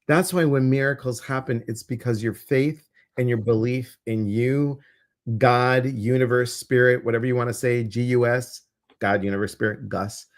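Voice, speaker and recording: A man's voice: medium pitch, fairly even intonation, normal speed. A man hosting a livestream as an intuitive coach, chatting casually, greeting viewers and reading their comments. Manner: warm, chatty, addresses viewers directly. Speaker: intuitive coach and stream host.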